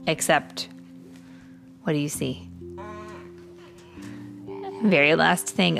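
A woman reading a picture book aloud to children, slowly, making animal sound effects and adding chatty asides to her listeners. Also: medium pitch, lively intonation, creaky, over music. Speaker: storytime reader.

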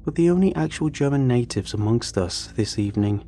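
A man narrating a first-person story in a steady, scripted reading. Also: medium pitch, fairly quick, faint music behind.

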